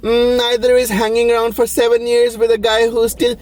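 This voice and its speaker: A man's voice: very high-pitched, completely flat delivery, normal speed. A man voicing a meddling little old grandmother who plays matchmaker, blunt and teasing. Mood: sassy.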